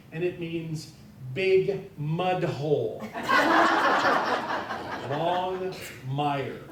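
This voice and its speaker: Male guest speaker from North Dakota, rambling and folksy, heard from a distance in a very echoey church hall with a faint rumble. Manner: chatty, self-deprecating, many fillers and restarts. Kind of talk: informal sermon talk. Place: church sanctuary.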